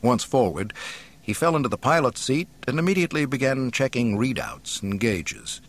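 A man narrating an audiobook in a dramatic, expressive storytelling manner. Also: medium pitch, moderate pace. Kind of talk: scripted narration.

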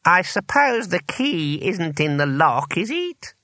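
A man voicing a pompous old male wizard teacher, speaking slowly and haughtily. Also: high voice, sing-song, pushed and bright, no room sound, pitched above the performer's own voice, exaggerated voice. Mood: haughty. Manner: haughty, slow and droning.

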